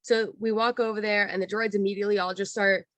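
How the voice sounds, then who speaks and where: A young woman in her twenties, a guest on a casual interview, telling a long personal story with lots of "like" and acting out quotes in a higher voice. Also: flat delivery, fast talker, fairly bright tone, dry recording. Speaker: guest, former theme park cast member.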